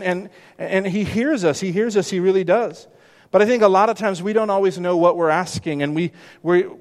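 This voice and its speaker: A man's voice: sits high, long reverb tail. A middle-aged male pastor preaching a sermon, emphatic and full of rhetorical questions and repeated phrases.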